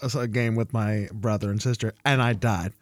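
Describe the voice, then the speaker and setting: A young man co-hosting a casual chat, telling a story with lots of restarts and jumping up in pitch whenever he quotes someone. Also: normal speed, no echo. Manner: animated, jumps high when quoting people.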